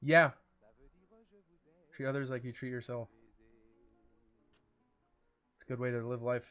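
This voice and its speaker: A young man hosts a loose streamer podcast in a voice of middling pitch. He rambles and jokes, trails off into quiet mumbles, then jumps into loud, excited bursts. Faint music plays underneath. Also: unhurried, smooth. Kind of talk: casual chat.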